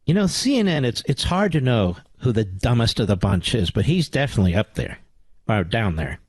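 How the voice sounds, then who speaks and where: A middle-aged man hosting a talk radio show, ranting with sarcasm and swinging between loud outbursts and low mutters. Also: big pitch swings, brisk, breathy edge, no echo. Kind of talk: angry talk radio monologue.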